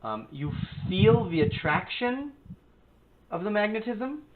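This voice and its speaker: A man's voice: high voice, sing-song, takes it slowly. A man runs a tabletop game as its game master, describing tombs and danger between fillers and restarts. His voice comes through a narrow, phone-like channel. A faint hiss sits under it.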